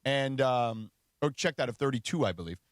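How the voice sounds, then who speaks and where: A man's voice: mid-range voice, lively intonation, normal speed, dry recording, studio quality. A man co-hosting a radio show in casual, conversational chat. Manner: conversational, with fillers. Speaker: radio co-host.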